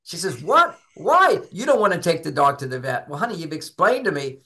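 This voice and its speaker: Bright, emphatic man giving advice. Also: on the high side, sing-song, fast talker. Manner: tells anecdotes, acting out both sides of dialogues; emphatic, instructive. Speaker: relationship author and guest. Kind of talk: conversational advice talk.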